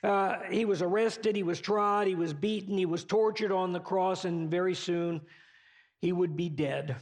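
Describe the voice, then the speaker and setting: A man's voice: high voice, fairly even intonation, normal speed. A man preaching a sermon, retelling a story in a conversational way with casual asides to the listeners.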